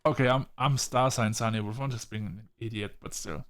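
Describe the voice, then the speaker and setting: A man's voice: fairly low pitch, fairly even intonation, a little fast, hardly any pauses. A man playing a story game on stream, reacting to the characters with heated rants full of swearing. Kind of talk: let's play commentary.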